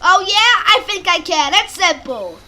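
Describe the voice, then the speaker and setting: A woman's voice: very high-pitched, lively intonation, a little slow, loud music behind the voice. A woman voicing a determined young male defense lawyer who asks pointed, accusing questions. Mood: pressing.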